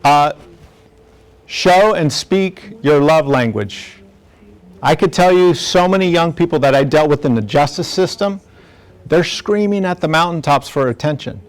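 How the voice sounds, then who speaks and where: A middle-aged man from the district attorney's office giving a community talk to parents, earnest and conversational, often checking in with "right?". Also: on the high side.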